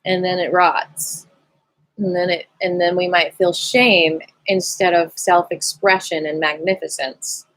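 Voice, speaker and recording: A woman guiding a livestreamed qigong class, speaking slowly and soothingly with gentle affirmations. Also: lowish voice. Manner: soothing, slow, affirming guidance with sudden loud bursts. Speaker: qigong and voice teacher.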